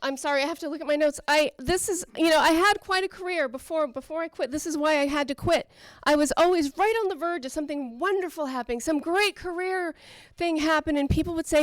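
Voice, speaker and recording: A woman from Oakland doing a rambling, self-deprecating stand-up routine with halting restarts. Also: sits high, no room sound. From Oakland, California. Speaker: stand-up comedian.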